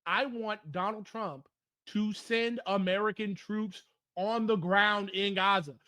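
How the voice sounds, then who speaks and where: A man's voice: high-pitched, fairly even intonation, slow pace, bright, forceful tone, dry recording. A man giving an opinionated political commentary monologue, heated and emphatic, repeating points for stress.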